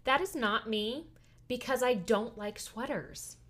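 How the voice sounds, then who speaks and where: A woman co-hosting a casual chat, reading out quiz statements in a brisk, matter-of-fact way. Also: a little high, a bit bright. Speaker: co-host.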